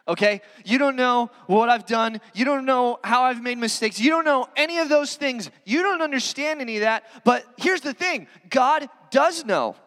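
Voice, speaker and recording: Very high-voiced preacher in a reverberant hall. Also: male voice, lively intonation, moderate pace, a bit bright. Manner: conversational, earnest, many "you know" fillers. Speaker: pastor. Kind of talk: sermon.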